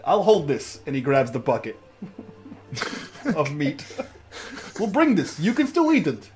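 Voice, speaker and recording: Player, male, lively pitch, blunt in-character broken English. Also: measured pace, faint music behind. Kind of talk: in-character role-play.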